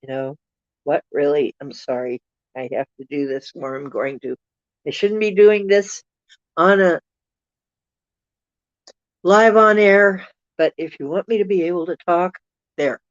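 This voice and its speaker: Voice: medium pitch, fairly even intonation, normal speed, a little mellow, dry recording. A live-stream host with allergies, chatting casually with viewers, rambling and chuckling while thinking aloud. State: dealing with allergies. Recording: dull, dry lo-fi sound.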